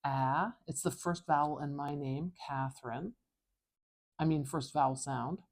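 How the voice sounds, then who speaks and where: A woman teaching pronunciation, explaining each sound clearly, precisely and with emphasis. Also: deep voice, fairly even intonation, a little slow, darkish tone. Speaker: phonetics teacher. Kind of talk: tutorial lesson.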